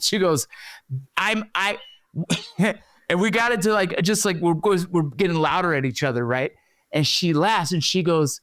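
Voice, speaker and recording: A middle-aged man hosting a podcast, chatty and animated when he tells stories. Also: fairly high pitch, moderate pace, clear, resonant tone, no echo, studio quality. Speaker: podcast host. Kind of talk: conversational interview.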